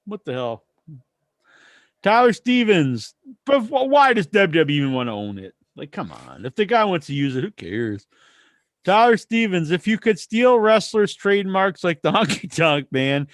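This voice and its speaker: Male podcast host, high voice, casual and opinionated, dry recording. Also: very animated, unhurried, no room sound. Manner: opinionated, ranting. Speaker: podcast host reading listener questions. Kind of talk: casual wrestling podcast chat.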